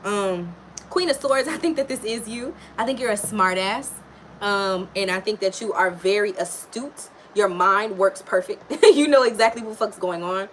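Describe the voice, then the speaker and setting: A woman's voice: medium pitch, normal speed, fairly bright tone, slight background noise. A woman giving a casual live tarot reading, talking frankly and chattily to a viewer, with plenty of swearing. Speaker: tarot reader.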